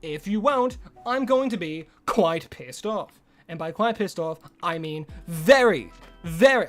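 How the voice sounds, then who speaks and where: A young man chatting casually with his live-stream audience, swearing freely and laughing often. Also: a little high. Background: faint music.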